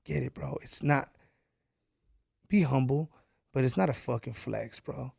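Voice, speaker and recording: A man's voice: medium pitch, unhurried, vocal fry, darkish tone, husky, no echo, clean studio sound. A man from Mexico, a podcast guest, telling stories casually with plenty of swearing and "bro". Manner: profane, emphatic, says "bro" often. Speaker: entrepreneur guest.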